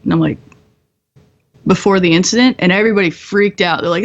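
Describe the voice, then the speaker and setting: A woman's voice: mid-range voice, quick pace, highs cut off. A woman in her thirties, a podcast guest, candidly telling a hard story with blunt, profane humor and frequent laughs. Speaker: podcast guest, combat veteran.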